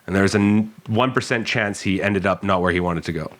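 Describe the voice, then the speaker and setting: A man's voice: low voice, a little fast, a bit bright. A man narrating a tabletop game as game master in a casual, amused way.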